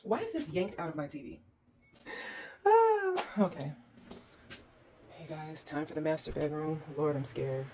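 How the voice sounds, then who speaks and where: A woman's voice: sits low, fairly quick, hardly any pauses, dark tone, slight background noise. A woman hosting a walkthrough vlog, exasperated and ranting as she films indoors in a condo on a handheld phone. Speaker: host.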